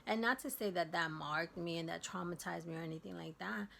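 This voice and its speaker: A woman vlogger telling a personal story in a candid, emphatic way, dropping to a hush at tense moments. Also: fairly low pitch, brisk, vocal fry, a little hiss or hum. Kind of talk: casual storytelling.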